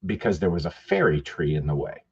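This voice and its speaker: A man with a fairly low, husky voice tells loose, profanity-laced stories as a podcast co-host. The audio is dull and lo-fi. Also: big pitch swings, a little fast, darkish tone. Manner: rambling, profane storytelling with laughs. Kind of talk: casual podcast chat.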